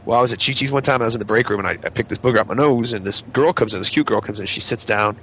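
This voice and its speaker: Fast-talking man telling crude stories. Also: medium pitch, a bit bright, a little hiss or hum. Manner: rambling storyteller, laughs at himself. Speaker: show regular. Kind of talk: casual chat.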